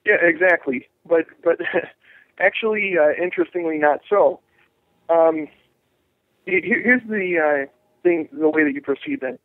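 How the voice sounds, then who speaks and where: A man with a slightly high voice speaks on a tinny, dry phone line. He is an activist being interviewed. He talks in a lively way, restarts phrases and acts out what other people say. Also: measured pace, creaky, no room sound. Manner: animated, acts out quoted voices, many restarts. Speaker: jury rights activist, guest.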